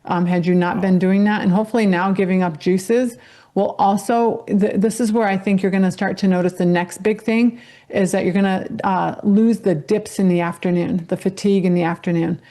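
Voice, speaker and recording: A woman's voice: medium pitch, steady tone, normal speed, warm tone. A woman who is a guest health educator, explaining things in an earnest, encouraging way. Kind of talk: casual explanatory chat.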